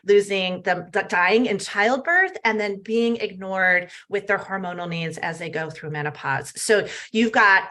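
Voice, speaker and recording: A woman health coach talking as a podcast guest, emphatic and animated, often tagging her points with "right?". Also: mid-range voice, measured pace, few pauses. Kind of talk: casual podcast interview.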